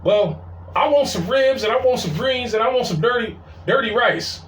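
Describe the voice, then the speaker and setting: Pushy, rude woman customer, put on by a man; high, shouty, scolding, echoey and distant. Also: normal speed, a little hiss or hum. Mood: demanding. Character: rude impatient woman customer, loud and demanding. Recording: roomy sound from a distance.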